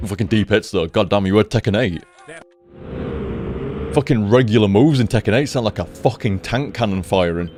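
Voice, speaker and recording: A chatty man with a lowish voice rambles and swears as he plays a game. Faint game music sits in the background. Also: normal speed. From United Kingdom. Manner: chatty and sweary, laughs at his own jokes. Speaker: gaming streamer. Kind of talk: casual chat while playing.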